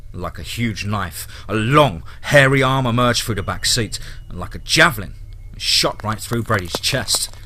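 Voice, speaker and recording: A man's voice: mid-range voice, sharp tone. A man telling a horror story aloud in a dramatic, tense narration style.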